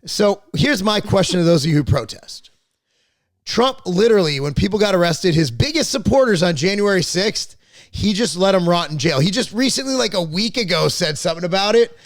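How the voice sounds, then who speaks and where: This podcast host has a high-pitched, expressive voice and speaks fairly quickly; the studio sound is clean and dry. In a casual political chat he holds forth bluntly and at length, rambling with frequent restarts, repeated words and the occasional curse.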